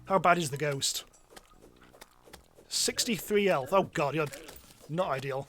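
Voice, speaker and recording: A man giving chatty, self-mocking live commentary as he streams a game, now and then bursting into excited yelps. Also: a little high, unhurried, long pauses. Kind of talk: live let's-play commentary.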